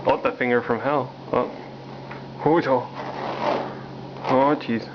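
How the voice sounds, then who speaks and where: A man filming his cat at home, talking to it in a playful, teasing, mock-dramatic way with drawn-out exclamations. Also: medium pitch, steady tone. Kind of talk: casual teasing narration to a pet. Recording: dull, noisy home camcorder audio.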